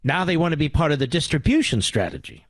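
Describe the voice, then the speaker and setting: Combative talk radio host with a high, lively voice. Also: male voice, fast talker, no room sound. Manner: combative, sarcastic, swings from loud outbursts to low mutters. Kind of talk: angry talk radio monologue.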